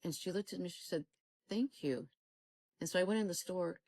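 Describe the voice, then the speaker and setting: A woman's voice: on the low side, fairly even intonation, quick pace, a little mellow, no echo, low-quality recording. Earnest woman giving a fervent faith testimony. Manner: fervent, exhorting, acts out quoted dialogue. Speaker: guest sharing a faith testimony.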